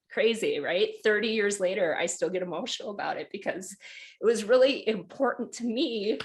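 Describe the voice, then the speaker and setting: A woman's voice: mid-range voice, normal speed. A woman in her forties from Wisconsin, telling a personal story on a podcast in a candid way, laughing often and getting teary. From Wisconsin, USA. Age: 40s. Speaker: podcast co-host, guest here.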